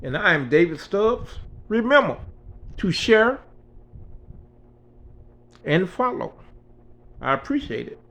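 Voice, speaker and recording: A man in his sixties tells a spiritual story in an earnest, conversational way. His voice is fairly high for a man and swings widely in pitch. He takes his time and speaks slowly. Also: big pitch swings, gravelly, fairly bright tone. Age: 60s. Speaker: author.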